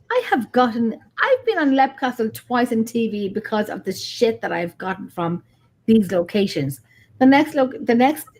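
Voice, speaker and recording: A middle-aged woman, a paranormal investigator chatting casually and animatedly, acting out dialogue and swearing. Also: fairly high pitch. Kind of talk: casual chat.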